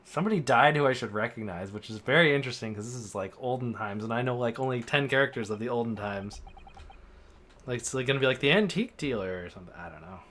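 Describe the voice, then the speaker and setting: A man's voice: mid-range voice, expressive, fast, a bit bright. A man from Russia giving casual, rambling commentary while playing a story game. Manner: chatty, rambling, filler-heavy reactions. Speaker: let's play gamer.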